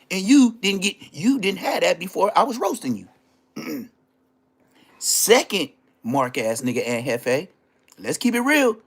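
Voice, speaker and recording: A man hosting a livestream, delivering a heated, taunting, profane rant at a rival. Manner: swings between low growls and high yelps. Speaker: livestream host. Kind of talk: ranting livestream monologue.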